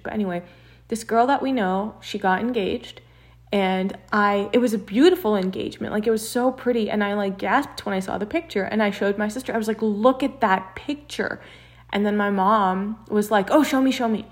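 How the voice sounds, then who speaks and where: A young woman telling a personal story in casual chat, acting out what others said. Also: medium pitch. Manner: animated storyteller, acts out quotes.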